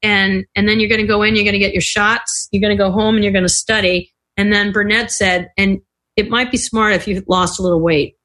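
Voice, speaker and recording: A woman's voice: mid-range voice, fairly even intonation, a little fast, a bit bright. An older woman, a podcast guest, telling stories in casual talk, acting out the voices she quotes and laughing often. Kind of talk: casual storytelling interview.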